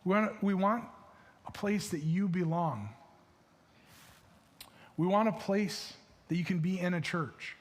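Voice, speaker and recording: High-voiced casual man preaching. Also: a little slow, pauses often. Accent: Michigan. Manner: casual, filler-heavy with many restarts. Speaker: pastor. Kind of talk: sermon. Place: church stage.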